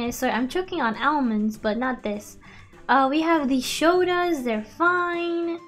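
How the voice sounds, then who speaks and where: A woman's voice: high-pitched, takes it slowly, faint music behind. A young woman streaming a game, chatting playfully with frequent laughs and switching between two languages. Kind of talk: casual chat.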